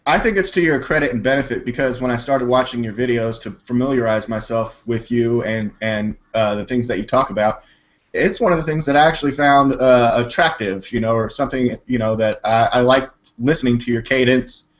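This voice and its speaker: Halting male co-host, muffled sound. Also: medium pitch. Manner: halting, repeats words while thinking. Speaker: show co-host. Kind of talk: casual talk-show chat. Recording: dull lo-fi sound.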